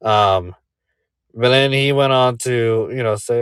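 A man's voice: medium pitch, slow, a bit bright, clear, resonant tone, dry recording, studio quality. A man giving casual commentary on a remote call as podcast co-host, rambling with many fillers and rhetorical "right?" checks.

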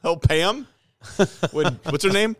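A man's voice: a little high, lively intonation, slow pace, no room sound, studio quality. Blunt, cussing podcast host, man. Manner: blunt, profane ranting. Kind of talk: casual chat.

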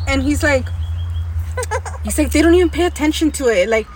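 Animated high-voiced woman, casual storytelling. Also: a little slow, pauses often, heavy background noise. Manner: code-switching between English and Spanish, swearing freely; animated, laughing as she tells it. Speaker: podcast co-host.

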